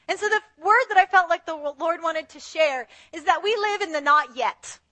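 A woman preaching an animated sermon with a very high, bright voice. She slips into other people's voices as she talks, acting out the lines she quotes. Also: moderate pace, few pauses.

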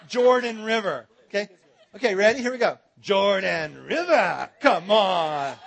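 A man's voice: sits high, a bit bright. A man teaching a Bible seminar in a church, joking with and directing his audience.

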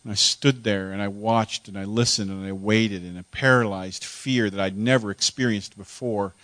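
A male preacher gives a dramatic monologue sermon, telling a story in first person, emotional and halting and repeating words when moved. His voice is lowish and a bit bright with fairly even intonation, recorded with no echo.

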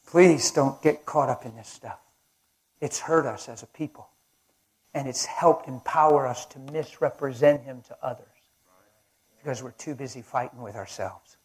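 A man preaching at a conference, telling a personal story with passion and swinging between loud and hushed delivery. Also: mid-range voice, normal speed, slightly rough, low-quality recording. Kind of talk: sermon with storytelling. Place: conference hall.

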